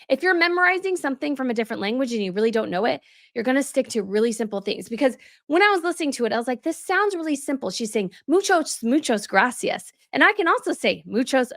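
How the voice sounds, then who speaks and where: A woman's voice: a little high, animated, rapid-fire, no echo, studio quality. An American woman with a neutral accent, giving rambling, chatty commentary on royal news. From United States. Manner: chatty, rambling, many asides. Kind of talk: casual commentary vlog.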